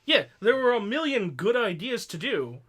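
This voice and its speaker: A man's voice: very high-pitched, big pitch swings, normal speed, a bit bright, breathy edge. A young man co-hosting a casual podcast, rambling and sarcastic with frequent swearing. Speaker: podcast co-host. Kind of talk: casual chat.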